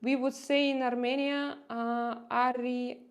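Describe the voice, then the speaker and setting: Slow-talking woman, Russian accent. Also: medium pitch, a little mellow. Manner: hesitant, many fillers, searching for words. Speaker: livestream host. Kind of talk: casual livestream chat with viewers.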